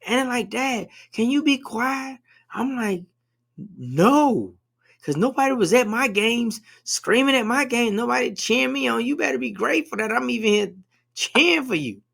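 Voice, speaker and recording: A man's voice: very high voice, a little fast, vocal fry, a bit bright. A man co-hosting a conversation, talking emphatically and asking leading questions. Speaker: podcast co-host. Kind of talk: casual conversation.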